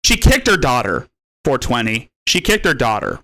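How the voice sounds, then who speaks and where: Lively, bright-voiced mocking streamer man. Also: mid-range voice, normal speed, no echo. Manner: mocking, profane, laughs often, shouts insults. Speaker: stream host. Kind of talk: crude live-stream commentary.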